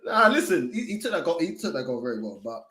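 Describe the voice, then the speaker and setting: Guy doing a football watchalong, slangy banter, bit high voice, roomy echo. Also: fast talker, a crowd in the background. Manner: excitable, slangy London banter. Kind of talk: casual live match chat.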